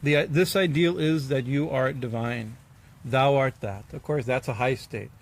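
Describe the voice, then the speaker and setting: A man, a swami, giving an informal religious class, speaking haltingly with many fillers, restarts and small bursts of emphasis. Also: mid-range voice, gravelly.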